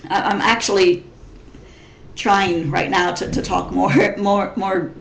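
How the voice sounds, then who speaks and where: A woman's voice: mid-range voice, level tone, slow pace, gravelly. A woman in her thirties from Missouri whose American accent is mixed with English, chatting in a rambling, casual vlog Q&A style. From Missouri, United States. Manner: chatty, rambling, frequent restarts. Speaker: vlogger. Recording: roomy echo.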